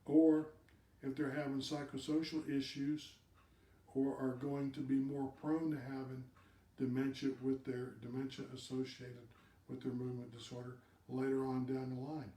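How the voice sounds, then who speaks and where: A man's voice: medium pitch, flat delivery, moderate pace, mellow, far from the mic. Emphatic man in an echoey room. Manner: emphatic, repeats words for stress. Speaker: host of a live video cast. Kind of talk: direct advice talk to viewers.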